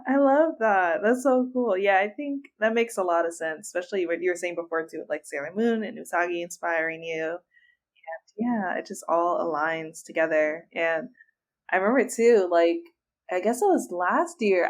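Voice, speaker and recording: A young woman hosting a podcast in casual chat, upbeat and affirming, with many fillers. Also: fairly low pitch. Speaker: podcast host.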